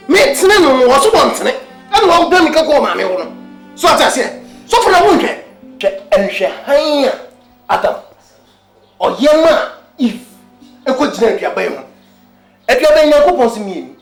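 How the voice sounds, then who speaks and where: An indignant complainer, high and quick, arguing heatedly and switching languages mid-sentence. The voice rings in an echoey room with faint music beneath. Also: very animated, creaky, heavily acted. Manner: heated, argumentative, mixing Twi and English. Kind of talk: Ghanaian film drama dialogue.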